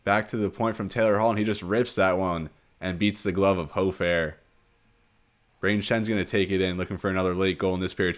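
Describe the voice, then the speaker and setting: A low-pitched man commentates a hockey video game in play-by-play style. He talks through the action quickly and surges in excitement when goals go in. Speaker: gaming commentator.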